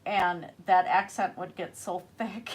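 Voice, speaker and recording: A woman's voice: on the low side, steady tone, takes it slowly, slightly rough. A woman chatting casually while painting on a livestream, rambling and answering viewer comments. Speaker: livestreaming artist.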